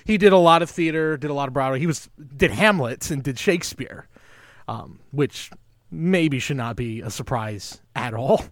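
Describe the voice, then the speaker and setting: A man co-hosting a podcast, chatting in an animated, enthusiastic way with lots of fillers. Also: medium pitch, moderate pace, dry recording, studio quality. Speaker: podcast co-host. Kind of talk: casual film discussion.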